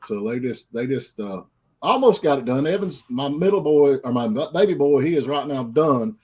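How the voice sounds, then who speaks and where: A man's voice: medium pitch, animated, moderate pace, darkish tone, slightly rough. A middle-aged man hosting a casual livestream chat, folksy and rambling. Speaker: host.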